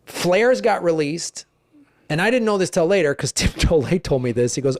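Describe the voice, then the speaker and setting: Animated, profane middle-aged male storyteller. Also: on the high side, normal speed, no echo, clean studio sound. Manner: animated, profane, acts out quoted dialogue. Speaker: guest comedian. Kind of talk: conversational storytelling.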